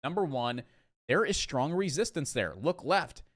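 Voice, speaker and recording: A man's voice: on the high side, animated, measured pace, a bit bright. A man hosting a live day-trading stream, explaining the market to his viewers in an emphatic way, repeating points for stress and calling them "guys".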